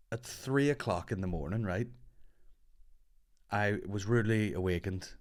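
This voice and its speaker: Deep-voiced sweary storyteller. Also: male voice. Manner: profane, rambling, self-mocking. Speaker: podcast host. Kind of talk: casual comedic storytelling.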